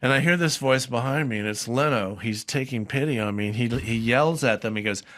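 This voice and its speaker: A man in his sixties, a comedian guest on a podcast, speaking haltingly and then turning lively in his anecdotes. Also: mid-range voice, no echo, clean studio sound. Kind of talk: casual chat.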